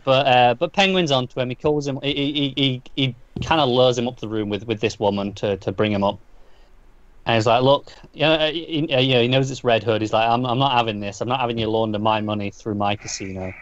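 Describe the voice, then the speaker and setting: A man's voice: mid-range voice, fairly even intonation, brisk, no room sound. A man co-hosting a podcast, casually recapping a comic book in a rambling way, full of restarts and fillers. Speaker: podcast co-host. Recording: dull lo-fi dry sound.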